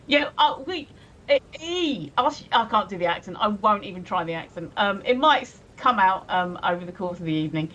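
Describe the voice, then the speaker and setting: A woman's voice: mid-range voice, lively intonation, brisk, a bit bright, highs cut off. A woman co-hosting a casual live stream, giggling often as she reads viewers' messages aloud. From England. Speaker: stream co-host.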